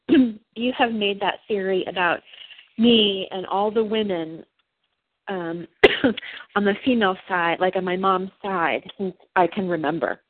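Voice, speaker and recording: A woman talking through personal feelings in a coaching session, halting and restarting often. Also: mid-range voice. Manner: halting, hesitant, many restarts. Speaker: client. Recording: dry tinny phone-like line.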